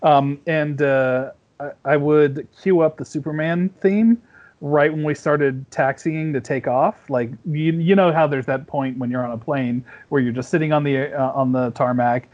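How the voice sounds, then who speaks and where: A man's voice: a little high, fairly even intonation, measured pace, darkish tone. Rambling male guest, slightly dull sound. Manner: rambling anecdote with restarts and fillers. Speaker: podcast guest. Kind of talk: casual podcast chat.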